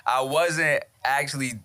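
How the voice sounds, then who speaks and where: A man hosting a podcast, chatting casually and telling stories with lots of laughter and quick restarts. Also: medium pitch, steady tone, bright, forceful tone. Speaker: podcast host. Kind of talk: casual chat.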